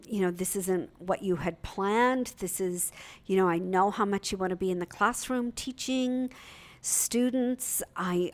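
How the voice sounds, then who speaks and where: A middle-aged woman giving an inspirational sermon, telling a story expressively and dropping into soft asides. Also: mid-range voice. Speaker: minister.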